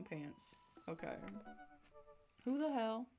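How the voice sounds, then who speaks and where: A woman's voice: lowish voice, a little fast. A young woman streaming a dating game, reading its dialogue aloud in voices and reacting between lines. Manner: animated, giggly, voices the game characters. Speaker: streamer playing a dating sim. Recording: music playing behind.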